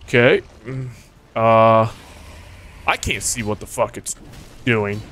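A man's voice: on the low side, slow pace. A young man streaming a video game, talking casually to his viewers, swearing a lot and yelping when things go wrong. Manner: excitable, swears often, jumps to yelps when hit. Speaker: gaming streamer. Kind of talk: casual gameplay commentary.

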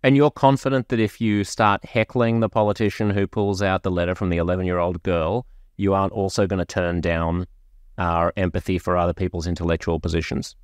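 A man with a very low, deep voice hosts a conversational podcast interview. He builds long, probing questions out loud as he thinks them through. The sound is dry and close, with no room around it. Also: little pitch movement, a little fast, clear, resonant tone, dry recording. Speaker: podcast host.

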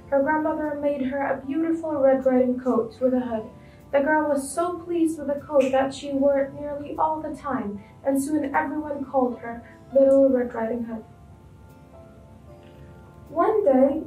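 A woman reading a children's story aloud in a clear, expressive storybook way. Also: sits high, echoey room, far from the mic, low-quality recording.

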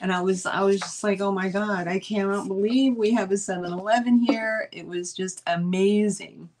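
A woman's voice: medium pitch, steady tone, normal speed, darkish tone, slight background noise. A woman, hosting a live sale stream and chatting in a rambling, casual way with lots of fillers.

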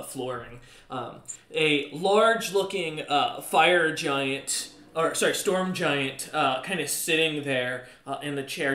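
A man's voice: mid-range voice, fairly bright tone, echoey room. A man narrating a tabletop game as game master, loosely, with many ums and fillers.

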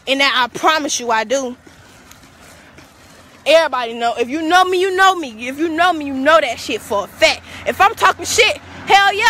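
A woman's voice: sits high, sharp tone, slight background noise. A young woman ranting to the camera outdoors, profane, confrontational and emphatic. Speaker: vlogger. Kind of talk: heated rant to camera. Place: outdoors, walking to a store.

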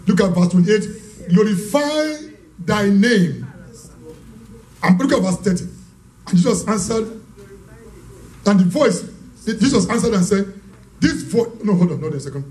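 A man preaching a fervent sermon as pastor, shouting declarations and praying in tongues. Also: sits high, lively intonation, normal speed, pauses often, low-quality recording.

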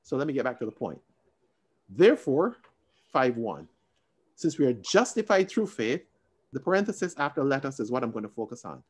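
A man teaching a Sunday school Bible lesson over a video call, expressive and emphatic, shifting between raised stress and quiet asides. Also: mid-range voice, normal speed, pauses often, husky.

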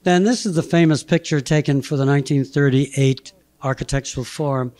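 A man in his eighties giving a halting, anecdotal slide talk, chuckling between memories. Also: mid-range voice, darkish tone. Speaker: guest speaker presenting slides. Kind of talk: anecdotal lecture.

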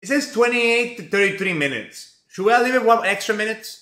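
A man's voice: sits high, expressive, normal speed, bright, forceful tone. A young man from Mexico streaming live while he cooks, chatting casually in a rambling, profane way full of fillers. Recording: roomy home echo.

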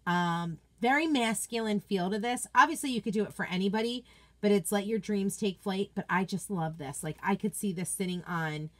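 An enthusiastic woman hosts a casual unboxing chat from her home office. She gushes over each item and answers her viewers in a chatty, excited way. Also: mid-range voice, moderate pace. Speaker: craft product seller and video host.

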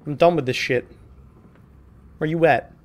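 A man's voice: fairly high pitch, measured pace. Profane, sarcastic young male gamer. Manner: casual, profane, sarcastic, reads notes aloud mockingly. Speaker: let's play gamer. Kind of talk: let's play commentary.

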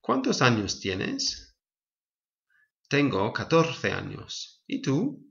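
A man teaching a Spanish lesson, reading example lines slowly and explaining each step clearly. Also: medium pitch, wildly swooping pitch, fairly bright tone, lo-fi sound. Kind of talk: recorded language lesson.

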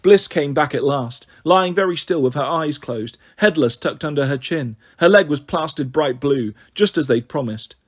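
A man narrating a children's novel as an audiobook, in a steady, measured reading voice. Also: a little high, husky. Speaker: storyteller.

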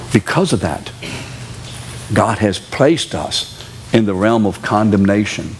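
A man preaching a sermon in a church, animated, acting out quoted voices and sometimes shouting. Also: lowish voice, slight background noise. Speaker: pastor. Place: church sanctuary.

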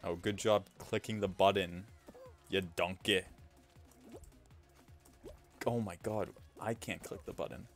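A young man casually commenting on his gameplay while streaming, chatty and self-mocking, laughing at himself and swinging between mumbles and loud outbursts. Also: sits low, steady tone, slow pace, long pauses, soft background music.

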